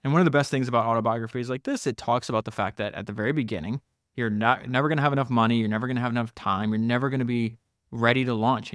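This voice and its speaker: A man hosting a solo podcast, talking enthusiastically through book passages with frequent laughs and quick asides. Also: medium pitch, dry recording, clean studio sound. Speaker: podcast host.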